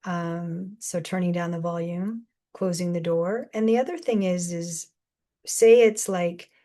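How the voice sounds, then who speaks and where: A woman with a slightly low voice talks through spiritual ideas in an easygoing, meandering way. She often acts out snippets of inner dialogue as she goes. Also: unhurried. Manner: rambling, animated, acts out quoted voices with laughs. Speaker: spiritual channeler guest. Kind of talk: casual spiritual guidance talk.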